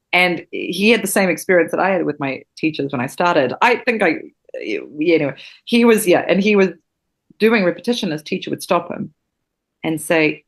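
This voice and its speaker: Passionate woman teaching acting. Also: fairly low pitch. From New Zealand. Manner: passionate and emphatic, swears freely. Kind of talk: podcast interview.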